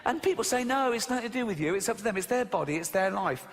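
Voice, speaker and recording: A man's voice: sits high, expressive, fast talker, gravelly, in a large hall. A man in his forties with an English accent doing a stand-up comedy routine, ranting with mock indignation and giggling at his own jokes. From England.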